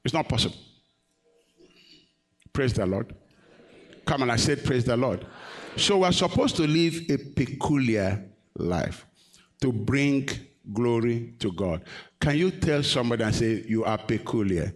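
A man's voice: medium pitch, expressive, a little slow, pauses often. A man preaching a sermon, questioning the congregation and rising to emphatic peaks. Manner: call-and-response, questioning the congregation.

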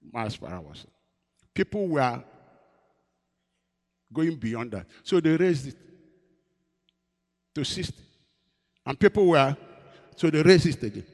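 A man's voice: fairly high pitch, fairly bright tone, big-room sound. A man preaching a sermon as pastor, asking his congregation questions and waiting for their replies.

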